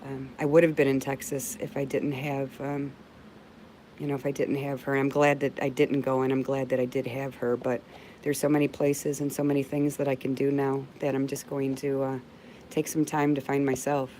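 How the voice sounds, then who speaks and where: A woman's voice: extremely low pitch, flat delivery, moderate pace, a little hiss or hum, low-quality recording. A middle-aged woman chatting on a livestream, answering viewer comments and calling them babe. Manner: warm, heartfelt, calls viewers babe. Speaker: livestream host. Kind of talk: casual livestream chat reading viewer comments.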